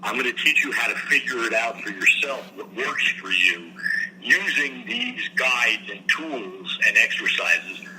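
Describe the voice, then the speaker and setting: A man talks in a loose, storytelling way, and his voice has a sharp, bright edge. He sounds animated as he describes people he has worked with. A faint hiss sits under the recording. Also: medium pitch, poor audio. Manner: animated, slips into impressions. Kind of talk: casual storytelling chat. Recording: faint background noise.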